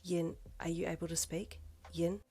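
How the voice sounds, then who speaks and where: A woman voicing a calm, steady young heroine in a fan fiction reading, speaking low and quiet to reassure. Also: moderate pace, breathy edge.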